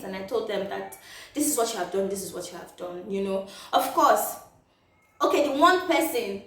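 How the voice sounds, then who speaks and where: A woman's voice: high voice, fairly bright tone. A woman with a Nigerian accent talking to her viewers in a casual vlog monologue, emphatic and full of rhetorical questions. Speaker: vlogger. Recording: echoey room, voice from a distance from the mic.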